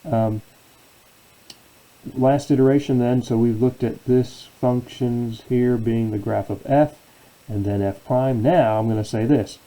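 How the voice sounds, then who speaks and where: Dark-voiced man lecturing on calculus. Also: medium pitch, vocal fry, poor audio. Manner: asks questions and answers them himself. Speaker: math professor.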